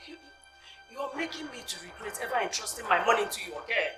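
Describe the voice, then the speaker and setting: A woman's voice: fairly high pitch, animated, fast talker, lightly acted. A Nigerian actress playing a desperate married woman demanding back her life savings, pleading and insistent. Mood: angry demanding. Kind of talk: film drama acting. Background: film score music.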